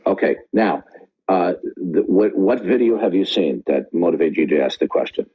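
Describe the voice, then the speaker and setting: A man hosting a live online call-in debate, talking forcefully, often interrupting and tagging lines with "okay?". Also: low-pitched, animated, normal speed, slightly rough, narrow, tinny audio. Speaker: debate room host.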